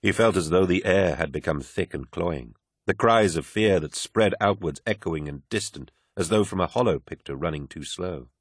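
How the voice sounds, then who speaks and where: A man giving grave, measured audiobook narration of a dramatic story. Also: sits low, slightly rough, no echo, clean studio sound.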